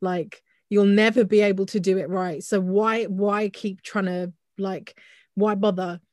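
A woman's voice: medium pitch, steady tone, a little slow, a little mellow, no room sound, clean studio sound. A woman co-hosting a casual podcast chat, heated and full of restarts and "like". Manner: heated, talks in restarts with frequent "like". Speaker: podcast co-host.

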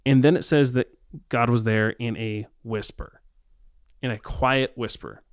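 A man co-hosting a casual faith discussion, talking reflectively with many pauses and ums. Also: mid-range voice, fairly even intonation, clean tone, no echo, clean studio sound.

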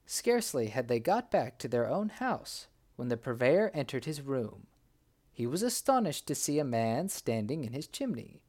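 A man's voice: medium pitch, moderate pace. A man reading a folk tale aloud as narrator, bringing the characters' cries to life. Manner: lively, acts out the characters' cries. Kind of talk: storybook reading.

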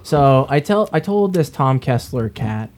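A man co-hosting a casual podcast, telling a story with animated energy. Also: mid-range voice, a little slow. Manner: animated storyteller, acts out quotes. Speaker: podcast co-host.

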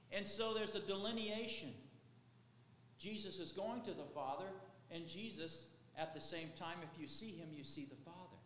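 A man's voice: high-pitched, normal speed, a bit bright, slight background noise. A man, a pastor, preaching a sermon in a conversational, rambling way. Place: church sanctuary. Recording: echoey hall with faint ambience.

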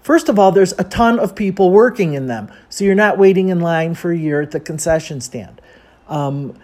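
Chicago woman rambling casually, low warm voice, lots of side notes. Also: animated, normal speed. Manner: chatty, digressive, self-deprecating. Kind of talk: casual monologue.

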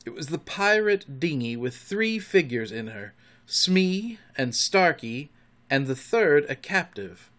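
Male narrator, storybook reading, lively, bright tone, expressive. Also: fairly high pitch.

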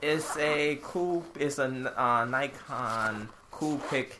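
A man chatting casually as a podcast co-host. He rambles through his stories with plenty of swearing and laughs often, at a middling pitch. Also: slow pace, pushed and bright, a little hiss or hum. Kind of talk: casual chat.

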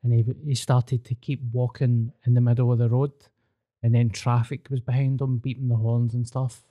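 A man's voice: medium pitch, flat delivery, normal speed, dark tone. A man with a Scottish accent, chatting casually and swearing as he tells personal anecdotes. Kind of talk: casual chat, storytelling.

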